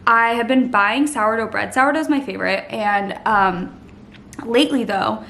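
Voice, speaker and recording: A young woman in her twenties chatting casually to camera as she makes a smoothie, saying "like" a lot and sometimes trailing off into soft murmurs. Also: fairly high pitch, normal speed, echoey room, far from the mic, slight background noise, low-quality recording. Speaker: lifestyle vlogger. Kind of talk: casual vlog chat. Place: home kitchen.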